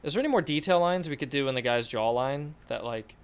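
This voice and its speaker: A man's voice: medium pitch, lively intonation, quick pace, clear, resonant tone. A man on a dev livestream giving casual, mumbled feedback on artwork, repeating short approvals. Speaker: game developer streaming.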